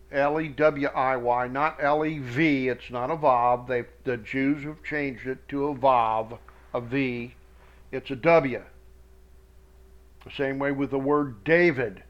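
A man teaching scripture verse by verse, reading each verse slowly with emphasis and adding quick asides. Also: mid-range voice, dull audio. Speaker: Bible teacher.

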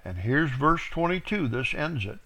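A man teaching scripture verse by verse, reading each verse aloud with stress and then explaining it in a deliberate way with fillers. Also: a little high, big pitch swings, bright, forceful tone. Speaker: Bible teacher.

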